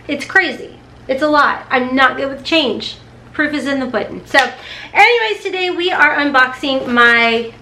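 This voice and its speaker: A woman's voice: sits high, bright, forceful tone, a little hiss or hum. A woman vlogger, chatting casually to the camera in a rambling, emotional way, nervous and close to tears. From Kentucky, USA. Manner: rambling, emotional, talks in bursts with restarts. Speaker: beauty vlogger. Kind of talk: casual unboxing vlog chat.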